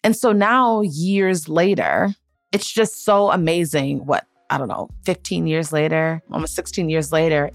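A woman's voice: low-pitched, a little slow, creaky, dry recording, soft background music. A woman in her thirties hosting a podcast, telling a personal story in an earnest, emotional, reflective way. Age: 30s. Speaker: podcast host.

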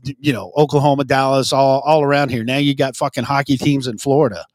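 A man's voice: medium pitch, steady tone, fast talker, no room sound. A man co-hosting a crude comedy podcast, laughing often and jumping into silly voices. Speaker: co-host.

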